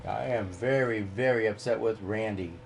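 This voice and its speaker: A man's voice: lowish voice, normal speed, gravelly, soft background music. A man hosting a casual live stream, rambling and ranting freely with plenty of swearing.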